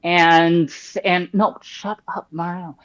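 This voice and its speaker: An improv performer playing an awkward, evasive employee who stammers excuses. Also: female voice, deep voice, slow pace. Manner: flustered, stammering. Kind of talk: live improv comedy. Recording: dull lo-fi sound.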